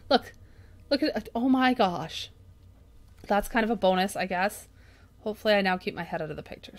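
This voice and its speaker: A woman's voice: mid-range voice, fairly bright tone. A woman hosting a painting tutorial at her craft desk, chatty and self-mocking as she works, breaking into laughter. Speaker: craft channel host.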